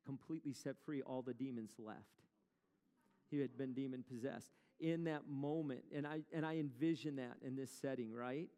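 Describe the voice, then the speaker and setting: A man's voice: mid-range voice, moderate pace, mellow, clear, resonant tone, big-room sound. A male pastor preaching a sermon in a conversational way, asking the congregation questions as he retells a story.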